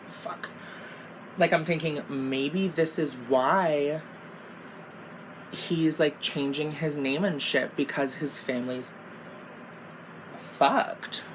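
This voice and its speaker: Over a noisy background, a young beauty vlogger with a deep voice tells a storytime as she does her makeup. She comes across casual, exasperated and rambling, with constant swearing and a lot of "like."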